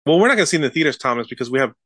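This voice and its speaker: A man's voice: on the high side, lively intonation, fairly bright tone, husky, no echo, clean studio sound. A man co-hosting a podcast, talking in an emphatic way that repeats his words. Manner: quick, emphatic, repeats himself. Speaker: podcast co-host. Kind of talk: casual podcast banter.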